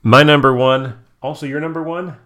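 A man's voice: on the high side, fairly even intonation, moderate pace, fairly bright tone. A man co-hosting a casual chat, recapping cartoon scenes in a playful way and acting out quotes. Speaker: podcast co-host reviewing cartoon episodes.

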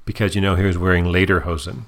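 A man's voice: low voice, steady tone, fast. A man co-hosting a casual chat, recapping cartoon scenes in a playful way and acting out quotes. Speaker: podcast co-host reviewing cartoon episodes.

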